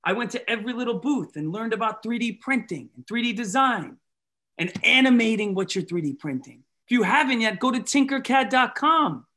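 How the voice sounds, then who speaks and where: A man performing a magic show for children, animated and leading the audience in call-and-response. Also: extremely high pitch, brisk. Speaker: maker magician giving keynote.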